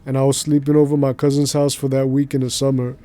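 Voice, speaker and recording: Flat, mellow-voiced male streamer chatting. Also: mid-range voice, quick pace. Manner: rambling, slangy, laughs easily. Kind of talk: casual chat while gaming.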